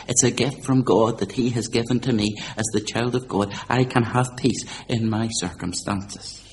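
A man preaching a sermon, swinging from loud, high-pitched exhortation to quiet, slow, low emphasis. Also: a little hiss or hum.

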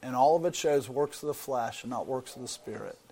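A man's voice: medium pitch, a little fast, dark tone, husky. A man teaching a Bible sermon, explaining things earnestly and often repeating words as he thinks. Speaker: preacher.

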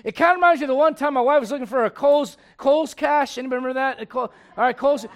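A middle-aged male pastor preaching a sermon in a humorous, conversational way, swinging from loud bursts to hushed lines. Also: extremely high pitch, fast.

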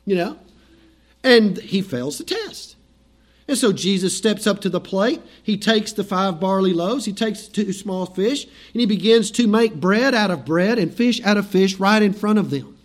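A middle-aged male pastor with a high, expressive voice preaches at a normal speed. His sermon is conversational and story-driven, and he acts out the lines of biblical figures.

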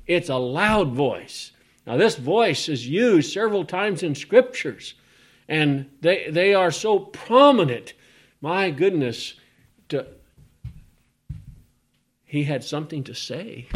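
Male preacher, higher voice, slow deliberate sermon delivery, dramatic swings from hush to loud. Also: sing-song, slightly rough. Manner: swells from hushed to loud, repeating phrases.

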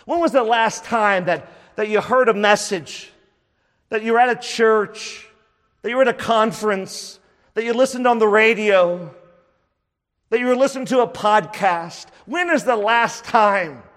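A man's voice: sits high, measured pace, a bit bright, in a large hall. A man preaching a sermon, emphatic and full of rhetorical questions, repeating phrases for stress.

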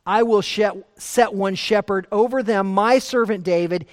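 High-voiced man preaching in an echoing hall. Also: normal speed, hardly any pauses. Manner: emphatic, shifts between hushed asides and forceful declarations. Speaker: pastor. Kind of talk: expository sermon. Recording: long hall reverb.

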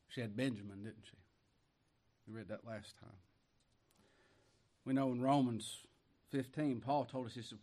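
A man preaching a sermon, reading scripture aloud and commenting in a folksy way that rises into emphatic bursts. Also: medium pitch. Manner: folksy, rising to emphatic bursts, chuckles often.

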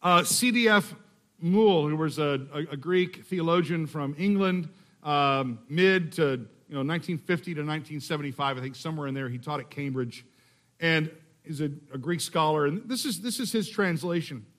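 A middle-aged man from Texas preaching a sermon in a conversational way, slowing down to read scripture aloud. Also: on the high side, a bit bright. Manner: conversational, restarts phrases, slows to read scripture. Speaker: pastor.

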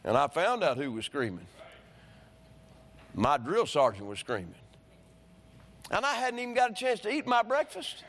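A middle-aged man preaching a sermon, animated and repetitive, telling stories with sudden shouts. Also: high voice, normal speed, long pauses. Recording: long hall reverb.

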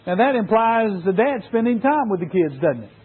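A man's voice: high voice, big pitch swings, moderate pace, slightly rough. A man preaching an earnest sermon to fathers, using emphatic repetition. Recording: tinny phone-like sound.

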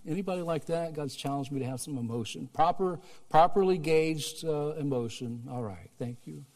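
Earnest pastor preaching in a reverberant hall. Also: male voice, fairly high pitch, normal speed, hardly any pauses. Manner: earnest, swings from emphatic to hushed. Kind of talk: sermon with altar call. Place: church sanctuary.

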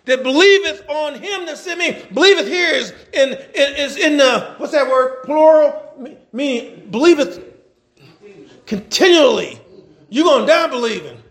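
A man's voice: very high voice, lively intonation, normal speed, fairly bright tone. A man preaching a sermon, fervent and calling out to the congregation, stretching out scripture readings and breaking into chuckling asides.

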